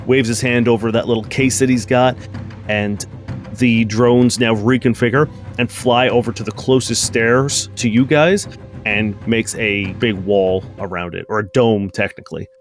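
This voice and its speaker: A man's voice: medium pitch, steady tone, normal speed, faint music behind. A man running a tabletop game as game master, narrating the action with many restarts and fillers. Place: home recording for an audio podcast.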